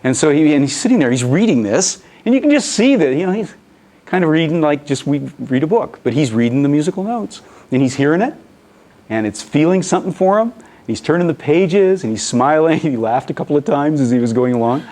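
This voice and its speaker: A man giving a conference presentation in an animated, storytelling manner, often slipping into the voices of the people he quotes. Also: on the high side, fairly quick. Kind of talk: lecture presentation.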